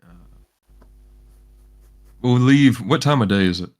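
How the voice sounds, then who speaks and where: A man's voice: medium pitch, takes it slowly, a little mellow. A man speaking in character as a player in a tabletop game, polite but hesitant and flustered. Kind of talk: in-character roleplay.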